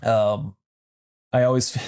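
Casting: male podcast co-host, thirties, mid-range voice, halting and reflective. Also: medium pitch, level tone, darkish tone, smooth. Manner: thoughtful, hesitant with many ums and restarts. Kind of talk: casual movie podcast chat.

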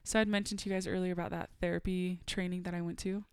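A young adult woman on a podcast telling a personal story in a casual, animated way. She laughs often and acts out the dialogue she quotes. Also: fairly low pitch, quick pace, smooth, no room sound, studio quality. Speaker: podcast guest.

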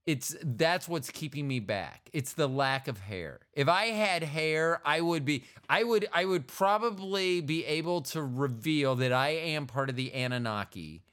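A man's voice: a little high, a bit bright, clean tone. A middle-aged man hosting a podcast, rambling and joking in casual chat. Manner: rambling, jokey, playful. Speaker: podcast host.

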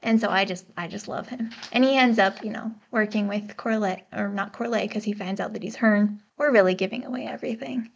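A woman's voice: mid-range voice, brisk, gravelly, hardly any pauses. An American woman co-hosting a book podcast, in a casual, chatty discussion, laughing often and unsure over pronunciations. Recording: dull lo-fi podcast mic.

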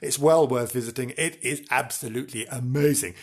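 Giggly husky podcast host man. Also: medium pitch, brisk. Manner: giggly, gushing, theatrical. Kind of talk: casual comic podcast chat.

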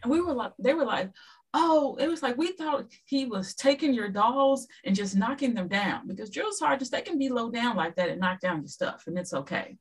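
Husky, animated woman telling stories. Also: a little high, moderate pace, low-quality recording. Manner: lively storyteller who acts out dialogue. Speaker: podcast guest. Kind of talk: casual chat.

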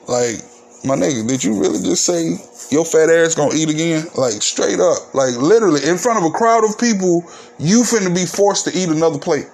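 A man's voice: on the high side, fairly quick, gravelly, darkish tone, husky. A man hosting his own podcast, talking casually in a candid, ranting, profane monologue. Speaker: podcast host.

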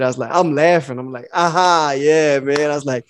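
A man's voice: fairly high pitch, fairly even intonation, fairly quick, hardly any pauses, dry recording. A young man co-hosting a podcast, telling a profane story and acting out both sides of it. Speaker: podcast co-host. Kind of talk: casual storytelling.

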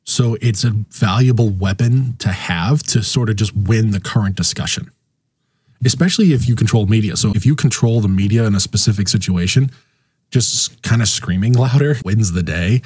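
A man's voice: fairly low pitch, normal speed, darkish tone, husky, no echo. A man talking casually about politics, acting out quoted people with big jumps in his voice.

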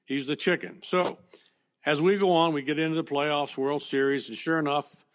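A man's voice: a little high, fairly even intonation, normal speed. An older man, a former baseball coach, telling a personal story in an interview in a plainspoken, conversational way with fillers and restarts. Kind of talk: emotional storytelling in a podcast interview.

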